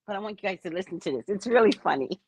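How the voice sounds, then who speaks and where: A woman's voice: mid-range voice, expressive, fast talker, husky, no room sound, low-quality recording. A woman chatting casually with viewers on a home live stream, reading their comments aloud and answering them. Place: at home by the kitchen table.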